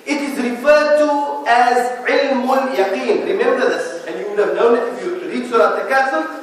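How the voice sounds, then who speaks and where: A man's voice: sits high, fairly bright tone. A man with a South African accent giving a Friday sermon in a mosque, explaining patiently with light humour. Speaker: imam giving Friday lecture. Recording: echoey mosque hall, distant mic.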